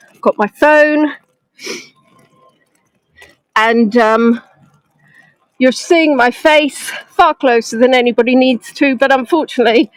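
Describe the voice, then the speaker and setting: A woman with a high voice runs a live-streamed walking tour along a snowy town street, chatting slowly with frequent pauses and greeting viewers by name. She films on a phone mounted on a gimbal held close to her face, and the recording is dry and rough.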